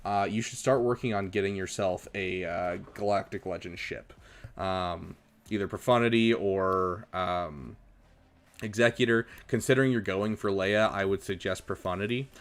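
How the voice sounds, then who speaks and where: A young man casually chatting on a live stream, giving relaxed advice with lots of ums and uhs. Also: sits low, normal speed. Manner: relaxed, chatty, many fillers, gives advice. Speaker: streamer reviewing viewers' game rosters.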